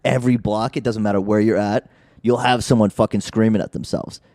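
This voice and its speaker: A young man chats casually as a podcast guest, rambling through stories in a laid-back way. His voice is mellow and warm, and it is recorded dry and close with no room sound. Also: lowish voice, steady tone, a little fast, no echo. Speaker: comedian guest.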